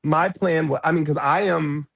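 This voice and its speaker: A man telling a story as a podcast guest, frank and animated, with cursing and sudden high jumps in pitch when he quotes people. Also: normal speed, creaky. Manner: frank, swears freely. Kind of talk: storytelling in a casual interview.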